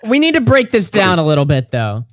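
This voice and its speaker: A man hosting a podcast in casual chat, animated and profane, reacting loudly to a story. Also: high-pitched, brisk, dry recording, studio quality. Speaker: podcast host.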